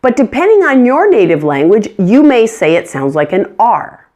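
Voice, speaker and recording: A woman teaching English pronunciation, modeling sounds with clear, deliberate demonstrations. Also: fairly high pitch, very animated, warm tone. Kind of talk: pronunciation lesson.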